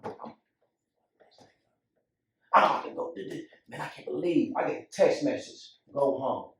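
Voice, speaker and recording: A man telling a personal story in a candid barbershop conversation, swinging from hushed to loud. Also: mid-range voice, measured pace, a little hiss or hum. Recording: echoey room, mic far off.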